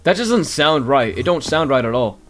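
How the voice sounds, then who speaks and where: Male game streamer, mid pitch, lively swings, griping to chat over faint music. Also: normal speed. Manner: animated, grumbling, talks to chat. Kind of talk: live gameplay commentary.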